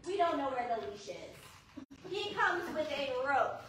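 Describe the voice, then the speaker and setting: A high-voiced woman associate pastor tells a sermon story slowly, laughing as she goes. She is heard from a distance in a very echoey hall, with clear noise behind her. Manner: lively, laughing anecdote. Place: church fellowship hall.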